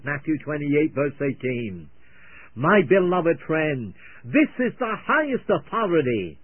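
A husky-voiced man preaches slowly and fervently, his pitch sweeping up and down as he pleads with listeners. The sound is thin and tinny, like an old radio broadcast. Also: dry recording. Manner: fervent, pleading, measured and oratorical. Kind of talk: evangelistic radio sermon.

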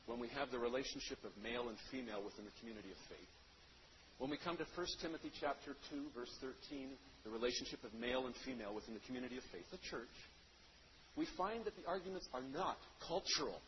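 A man preaching a sermon, reading scripture and then explaining it, with loud stressed phrases that drop to quiet endings. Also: medium pitch, expressive, fast, noisy background. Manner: emphatic, swings between loud stresses and quiet trailing phrases. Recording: dull lo-fi sound.

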